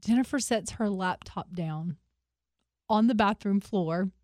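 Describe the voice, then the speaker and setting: A woman with a mid-range voice co-hosts a morning radio show, telling a funny story with excitable, gushing energy and frequent laughter. She speaks a little slowly, recorded with studio quality and no room sound.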